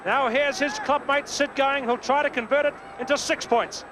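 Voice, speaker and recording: A man giving brisk live rugby play-by-play commentary, lifting his voice on big plays, from a worn old videotape broadcast. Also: very high voice, steady tone. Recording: worn old VHS broadcast with crowd noise.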